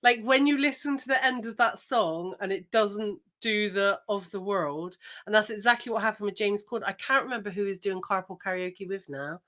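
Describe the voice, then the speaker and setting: A woman's voice: mid-range voice, moderate pace, few pauses, a bit bright. A woman co-hosting a podcast, chatting casually, hopping between topics and laughing often. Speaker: podcast co-host. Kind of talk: casual chat.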